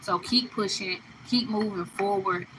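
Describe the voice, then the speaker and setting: A woman's voice: mid-range voice, steady tone, a little slow, noisy background. A woman giving a spiritual tarot reading, talking emphatically to the listener, repeating phrases and laughing between them. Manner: addresses listener affectionately. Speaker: tarot card reader.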